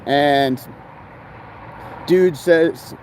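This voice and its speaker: A man rambles in a laid-back, meandering way, leaning on fillers and casual slang. His voice sits a touch high but sounds soft and mellow. Faint outdoor traffic noise hums behind him. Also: drawn-out words.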